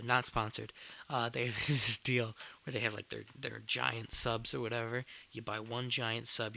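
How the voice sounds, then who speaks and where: A man's voice: mid-range voice, gravelly, bright, forceful tone. A young man telling a work story on a podcast in a rambling, exasperated way, swearing casually. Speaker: podcast host.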